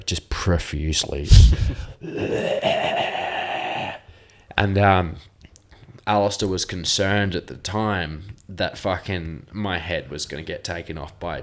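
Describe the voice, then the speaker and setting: A young man, a podcast guest rambling through a profane, laughing party story in casual chat. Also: rumbling low. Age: young adult.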